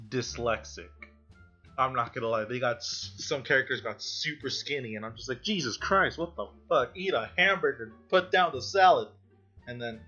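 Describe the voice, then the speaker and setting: A man's voice: mid-range voice, fairly bright tone, highs cut off. Blunt, rambling young man reviewing. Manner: rambling, blunt and profane, with exasperated outbursts. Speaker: online reviewer.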